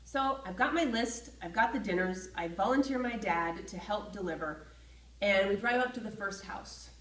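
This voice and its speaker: A woman telling a personal story in a lively way, acting out her own feelings as she goes. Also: mid-range voice, moderate pace, slight background noise. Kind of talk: personal story told to camera. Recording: roomy echo, voice from a distance from the mic.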